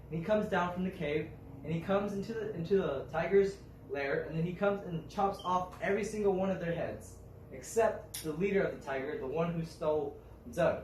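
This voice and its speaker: A young man retelling a folk tale to a group, halting with fillers and restarts. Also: on the high side, a little mellow, a little hiss or hum. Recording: roomy, mic at a distance, faint ambience.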